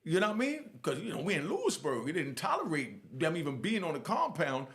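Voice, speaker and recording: A man telling a first-person prison story in a casual, animated way, often checking in with the listener. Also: a little high, brisk. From Jamaica. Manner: animated, keeps saying "you know what I mean". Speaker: storyteller recounting prison life.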